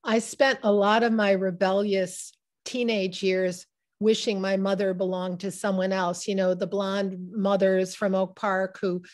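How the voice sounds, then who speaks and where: A woman in her sixties, an author being interviewed, telling personal family stories in a halting, emotional way with many restarts. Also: medium pitch, level tone, darkish tone. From Midwest United States. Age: 60s. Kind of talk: reflective personal storytelling.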